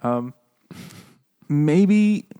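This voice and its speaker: A man's voice: fairly high pitch, expressive, extremely slow, warm tone, clear, resonant tone. A man chatting casually in a book club, joking, swearing and laughing often. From raised Catholic. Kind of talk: casual chat.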